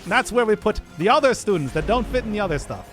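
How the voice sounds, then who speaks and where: A man's voice: sits high, sing-song, fast talker, soft background music. A man streaming a game, rambling in casual commentary and laughing at his own jokes.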